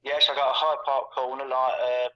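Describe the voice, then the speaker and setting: An older English man chats at length as a guest, circling back, doubling words and leaning on fillers. His tone is sharp and bright. The call audio is dull and lo-fi. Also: mid-range voice, flat delivery, fairly quick. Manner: rambling, repeats words, many fillers. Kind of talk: casual conversation.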